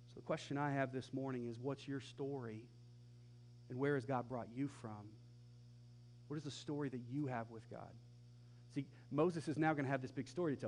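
Brief: male pastor mid-sermon, relaxed and conversational, lively when he acts out quotes. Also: medium pitch, brisk.

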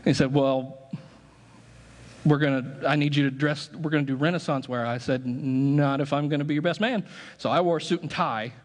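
A pastor delivering a conversational sermon, with joking asides and a relaxed preaching manner. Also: male voice, a little high, moderate pace. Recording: long hall reverb.

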